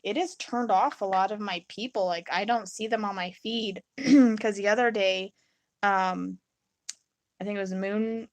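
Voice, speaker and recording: A woman's voice: a little high, dry recording. A young woman live-streaming her resin crafting in a casual, rambling chat. She reads and answers viewers' comments and acts out her own reactions in little quotes.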